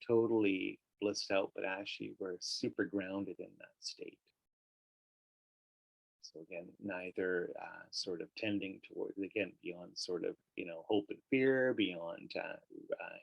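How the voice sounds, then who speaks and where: Low gravelly man guiding meditation. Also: no room sound, dull audio. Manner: relaxed, conversational, with casual fillers. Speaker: meditation teacher. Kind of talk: guided meditation and teaching.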